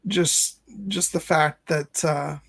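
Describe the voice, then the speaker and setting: A man's voice: a little high, fairly even intonation, takes it slowly, vocal fry. A man in his late thirties co-hosting a casual podcast discussion, talking in an earnest, reflective way with long winding sentences. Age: late 30s. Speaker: co-host, first-time viewer.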